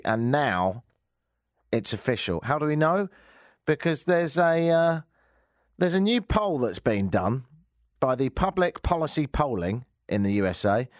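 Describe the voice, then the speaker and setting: A man's voice: medium pitch, no room sound, studio quality. A man hosting a radio talk show, talking casually with a wry, sarcastic edge. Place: radio studio. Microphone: studio microphone.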